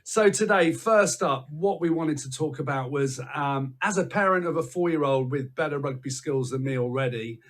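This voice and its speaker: A man's voice: fairly high pitch, normal speed, hardly any pauses. A man hosting a casual rugby panel podcast, teasing his guests in a jokey way. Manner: jokey, teasing, restarts phrases. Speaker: podcast host.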